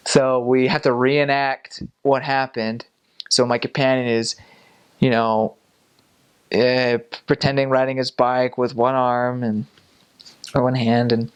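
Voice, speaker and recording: Animated young man telling a story. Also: mid-range voice. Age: young adult. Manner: animated, laughing, acts out quoted voices. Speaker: former missionary telling a story. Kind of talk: casual storytelling vlog.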